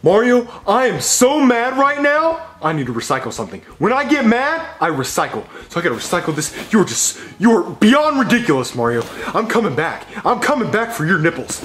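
A man's voice: wildly swooping pitch, moderate pace, hardly any pauses, fairly bright tone, exaggerated voice. A man doing a bullying, mocking landlord. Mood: angry. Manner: menacing, mocking, with big swoops in pitch. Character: bullying greedy middle-aged male landlord neighbor. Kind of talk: puppet comedy skit. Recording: echoey room with music.

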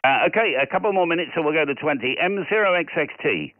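On the high side and with lively intonation, a Scottish man hosts a ham radio session, exchanging call signs and signal reports with friendly chat. He deals with calls quickly over tinny radio audio with slight background noise.

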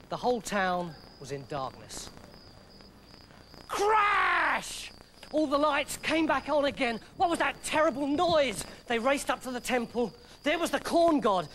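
A man telling a story in lively, playful scripted narration that drops to hushed tones. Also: very high voice, unhurried, a little hiss or hum.

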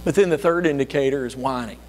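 A man preaching a sermon who slips into whiny, self-righteous voices for the people he describes. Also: fast. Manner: acts out whiny self-righteous voices, rising high when mimicking.

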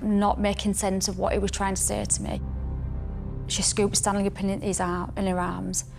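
A young woman tells her story as a bereaved mother, steadily and plainly, quoting what each person said. Her pitch stays narrow and level. Soft music runs underneath. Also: normal speed, vocal fry. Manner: plain, steady storytelling full of quoted speech. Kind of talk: recounting a personal tragedy.

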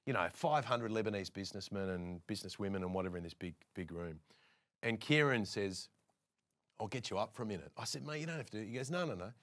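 On the low side and at a quick pace, the Australian presenter talks as a guest. His casual anecdotes are lively, with other people's lines acted out as he goes.

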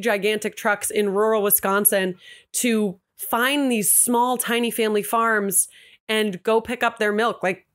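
Gushing, giggly woman podcast host. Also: fairly bright tone. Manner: gushing, giggly and emotional, swoops up in pitch. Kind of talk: casual sponsored podcast monologue.

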